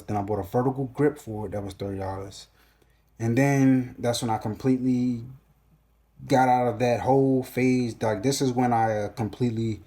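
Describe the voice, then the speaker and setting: Mellow, low-voiced man rambling casually. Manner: casual, profane, hesitant with many fillers and restarts. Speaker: gun channel host. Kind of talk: rambling storytime monologue.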